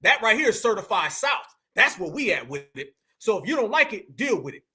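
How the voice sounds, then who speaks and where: Animated, bright-voiced man ranting. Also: high-pitched, a little fast. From New York. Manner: emphatic, preachy, animated, addresses audience as fam. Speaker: political commentary host. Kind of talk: fiery monologue to viewers.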